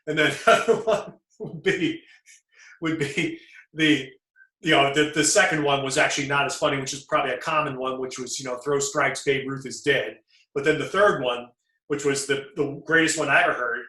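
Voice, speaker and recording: A man with a fairly high, bright voice hosts a sports talk conversation, jumping eagerly into his own stories. He laughs readily and keeps an animated tone. His voice rings with the echo of the room. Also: a little fast. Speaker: sports broadcaster host. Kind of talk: conversational storytelling in a talk show. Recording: echoey room.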